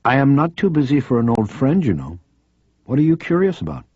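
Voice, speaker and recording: A man voicing a friendly, sharp woman crime reporter with a faint Jamaican accent and a breezy, teasing manner. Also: mid-range voice, very animated, a little fast, slightly rough, dry recording, pitched above the performer's own voice. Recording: dry, slightly dull audiobook recording.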